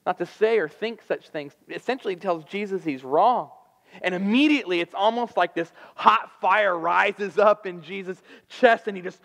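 A man preaching a sermon as pastor, telling the story with animated energy and acting out the voices. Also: sits high, moderate pace, creaky, big-room sound. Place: church sanctuary.

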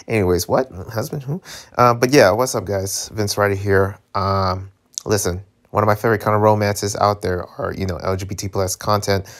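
A man's voice: lowish voice, steady tone, normal speed. A man reading a webtoon aloud and reacting playfully, with jokey asides. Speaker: webtoon reader.

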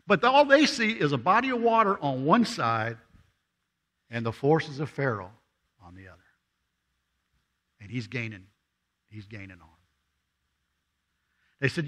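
A man delivers a sermon in a church. His tone is bright and forward, and he keeps it conversational. He throws questions at the congregation and acts out the voices of people in the story. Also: on the high side, big pitch swings, a little slow, long pauses. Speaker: guest preacher. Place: church sanctuary.

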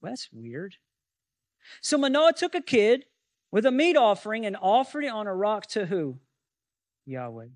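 A man's voice: high voice, huge pitch swings, normal speed, long pauses, no room sound. A male pastor preaching a sermon, teaching from scripture with many rhetorical questions to the congregation.

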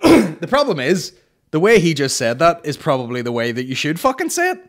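Sweary podcast host. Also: male voice, fairly high pitch, huge pitch swings, a little fast. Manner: sweary, mimics voices mid-story. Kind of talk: casual comedy chat.

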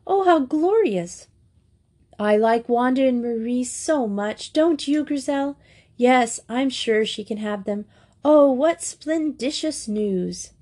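A woman voicing an excitable, eager schoolgirl in a storybook reading, with gushing delight. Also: fairly high pitch, takes it slowly, voice pushed up. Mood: joyful.

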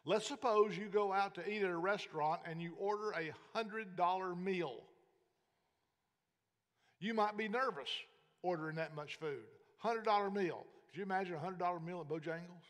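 High-voiced preaching pastor in a reverberant hall. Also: male voice, normal speed. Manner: preaching with storytelling and scripture reading. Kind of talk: sermon. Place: church sanctuary.

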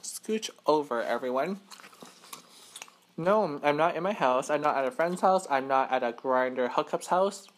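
A man's voice: on the high side, moderate pace, hardly any pauses. Chatty man eating on camera. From Western Canada. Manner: chatty, rambling, self-correcting, laughing between bites. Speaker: mukbang host. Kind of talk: casual eating-show chat. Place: hotel room. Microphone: camera mic.

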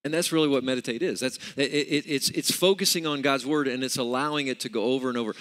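A man's voice: medium pitch, fast, hardly any pauses, a bit bright. A man preaching a sermon with emphatic, repetitive delivery, calling on the congregation to repeat words back. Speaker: pastor. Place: church sanctuary. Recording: long reverb of a large hall.

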